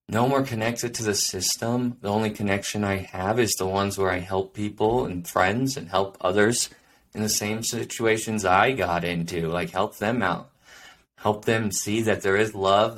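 A lower-voiced man talks alone on his podcast. He rambles earnestly and reflectively, piling up fillers and restarts as he goes. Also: fairly bright tone. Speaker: podcast host. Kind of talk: solo podcast monologue.

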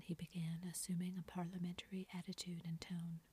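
Woman narrating in whispered role-play, breathy, low and flat, soft and steady. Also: a little fast, hardly any pauses.

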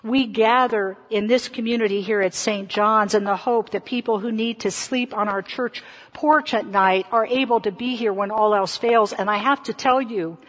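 A woman pastor delivers an earnest Easter sermon, building rhythm through repeated phrases. Her voice sits at an ordinary pitch for a woman. A long reverb trails each line, as in a large church sanctuary. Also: steady tone, moderate pace, a bit bright.

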